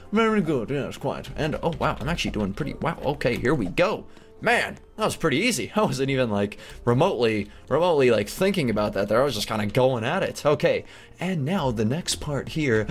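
A young man giving excitable, chatty Let's Play commentary with frequent gasps and mock-posh asides. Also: medium pitch. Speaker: gaming YouTuber. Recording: faint background music.

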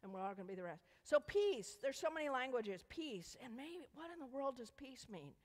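A woman's voice: high voice, big pitch swings, a little fast. Playful woman leading a children's sermon. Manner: playful, coaxing questions to children. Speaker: children's message leader. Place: church sanctuary. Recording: echoey church hall.

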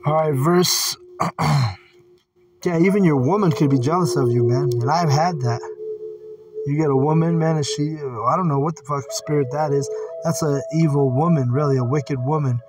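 A man with a slightly high voice gives a casual Bible study. He reads verses aloud and then comments bluntly, with swearing. He sounds distant from the mic, with clear singing bowl music behind him. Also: moderate pace. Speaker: Bible teacher.

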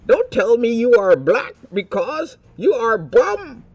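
A shrill, ranting online troll, put on by a man in a slow, mocking sing-song. The voice swoops wildly and sounds a little breathy. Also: big pitch swings, dry recording, muffled recording, full character voice.

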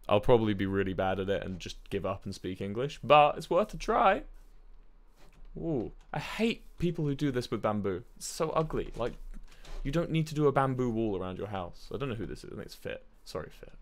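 A man's voice: lowish voice, fairly bright tone. A man streaming a video game, chatting playfully and joking in broken Spanish. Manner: playful, mock-Spanish banter, swearing. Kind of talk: casual live-stream chat.

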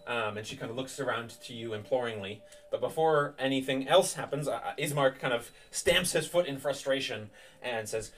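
Guy running a tabletop game, lots of ums, normal pitch, sounds a bit far from the mic. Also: moderate pace, fairly bright tone. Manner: hesitant, many fillers. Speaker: game master. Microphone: streaming setup.

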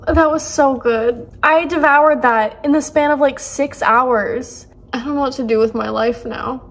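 A woman's voice: sits high, fairly even intonation, moderate pace, fairly bright tone. A young woman chatting in a casual reading vlog, gushing and emotional, with lots of fillers. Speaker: book vlogger.

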